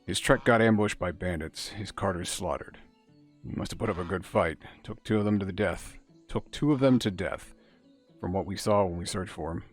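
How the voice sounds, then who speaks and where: Man doing a gruff male castellan, gravelly, blunt, matter-of-fact, low voice, faint music behind. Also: moderate pace. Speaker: reading game dialogue aloud.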